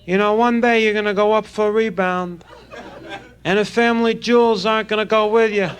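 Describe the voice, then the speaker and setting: A man voicing a gruff, bossy gym teacher who barks orders at a student, on a crackly vinyl record. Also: high-pitched, fairly even intonation, fairly quick, a faint crowd, voice pushed up, natural voice. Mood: barking. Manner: barking, bossy.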